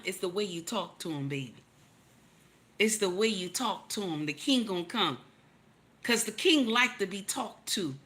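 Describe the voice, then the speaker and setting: A woman giving animated relationship advice, emphatic and repetitive, firing rhetorical questions at her audience. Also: medium pitch. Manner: emphatic, repeats lines for effect, teasing rhetorical questions. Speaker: relationship commentator.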